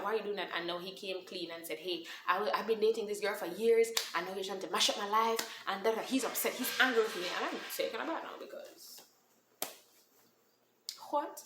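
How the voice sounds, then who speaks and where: Animated woman in an echoey room. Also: fairly low pitch, slight background noise. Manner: animated, switches into Caribbean-style patois when emotional. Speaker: vlogger telling a personal story. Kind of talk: casual storytelling to camera. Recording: echoey room with faint ambience.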